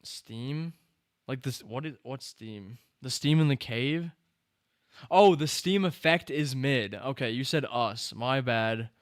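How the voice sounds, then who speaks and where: Smooth-voiced excitable male streamer. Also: mid-range voice, slow, dry recording, studio quality. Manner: excitable, talks back to the screen and chat. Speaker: streamer host. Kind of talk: live reaction stream, casual chat.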